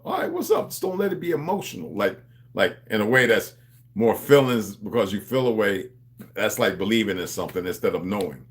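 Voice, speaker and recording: A man's voice: fairly low pitch, sing-song, fairly quick. Preachy man rambling to his viewers. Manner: preachy, street slang, addresses viewers as beloved. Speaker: livestream host. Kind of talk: rambling casual monologue.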